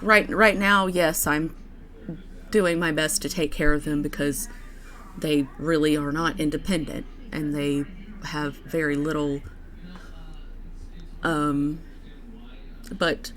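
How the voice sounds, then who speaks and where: A woman's voice: sits low, fairly even intonation, measured pace, pauses often, a bit bright. A young woman vlogging in a casual, rambling way, with many fillers and restarts. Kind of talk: casual personal chat to camera.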